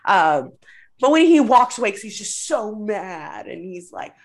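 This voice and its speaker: A woman's voice: medium pitch, a little slow. A woman chatting casually as a podcast co-host, recapping reality TV, laughing often and acting out what people said. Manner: animated, laughs often, acts out quotes.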